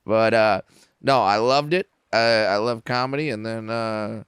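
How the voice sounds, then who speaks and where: A man's voice: on the low side, a little slow, a bit bright, clear, resonant tone, no echo. A man in his forties, a comedian telling stories as a podcast guest in a small studio, joking, self-mocking and swearing freely. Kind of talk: casual podcast storytelling.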